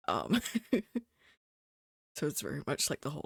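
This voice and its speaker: A woman's voice: sits low, wildly swooping pitch, moderate pace, vocal fry, pauses often, breathy edge, no room sound, studio quality. A young woman streaming late at night, chatting casually to viewers as she draws, swearing freely and laughing often. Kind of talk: casual late-night live-stream chat while drawing. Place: room at home.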